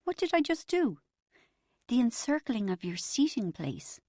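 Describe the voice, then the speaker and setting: Gentle, nasal, starry-eyed teenage boy in an audiobook, voiced by a woman; high and earnest. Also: big pitch swings, unhurried, no room sound, clean studio sound, full character voice. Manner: earnest, hesitant.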